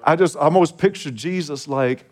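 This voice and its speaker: A man's voice: on the high side, normal speed. A man preaching a sermon as pastor, earnest and repetitive, chuckling between phrases and building in intensity.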